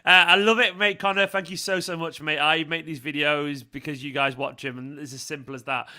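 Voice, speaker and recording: Brief: male host in his 30s, bright and slightly high, animated live-stream fan chat. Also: brisk. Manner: animated, swears freely, reads out viewer comments.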